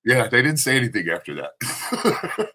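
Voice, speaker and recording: A man's voice: medium pitch, huge pitch swings, a little slow, bright, forceful tone. A man from Southern California telling a rambling, profane story with frequent laughs on a casual live podcast panel. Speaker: panel co-host.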